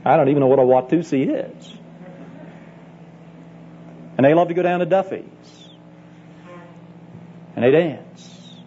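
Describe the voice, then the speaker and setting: On muffled lo-fi tape with a faint hum, a middle-aged Bible college teacher addresses church leaders in an earnest conference sermon rich with personal anecdotes and direct appeals. His warm, fairly high voice moves a little slowly, with long pauses.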